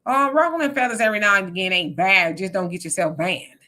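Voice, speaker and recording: A woman's voice: medium pitch, a little fast. A woman hosting a live stream, chatting casually, reading viewer comments aloud and laughing often. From Texas. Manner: animated, laughs often, greets viewers by name.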